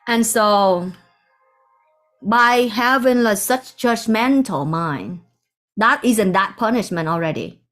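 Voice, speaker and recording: Soft-spoken woman telling a spiritual story. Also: mid-range voice, animated, takes it slowly, faint music behind. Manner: soft-spoken, meandering, with hushed asides. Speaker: spiritual teacher.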